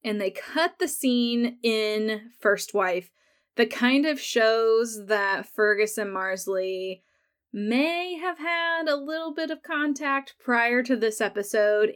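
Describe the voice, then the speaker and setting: A woman's voice: medium pitch, a bit bright. A woman hosting a podcast on her own, chatting casually through an episode recap, laughing often and acting out the characters' lines. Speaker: podcast host.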